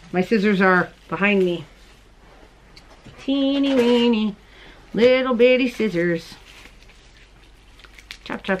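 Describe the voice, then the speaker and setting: A woman's voice: mid-range voice, fairly bright tone, slight background noise, poor audio. Bubbly chatty woman podcast host. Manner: bubbly, chatty, gushes over small things. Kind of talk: casual chat showing mail and gifts on camera. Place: home, late at night. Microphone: camera she handles while showing items.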